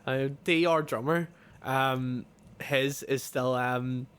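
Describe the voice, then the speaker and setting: A man's voice: medium pitch, steady tone, slow, a bit bright, smooth. A man joining the casual chat, laid-back and swearing.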